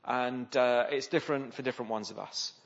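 A man's voice: medium pitch, steady tone, a little fast, gravelly. A man preaching a sermon in a conversational way, often asking the listeners rhetorical questions. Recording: slightly dull, lo-fi sound.

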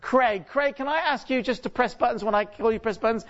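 A man's voice: extremely high pitch, fast talker, fairly bright tone. A man giving a conversational, joking sermon from a church stage, often stopping to ask the congregation questions and restarting his sentences. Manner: chatty, jokey, asks the congregation many rhetorical questions; frequent restarts and repeated words. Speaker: guest preacher. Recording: dull lo-fi recording.

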